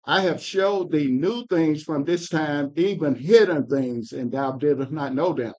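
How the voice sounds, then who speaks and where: In a Bible class, a man reads scripture aloud slowly and emphatically, pushing up on key words. His voice is on the high side with a darkish tone.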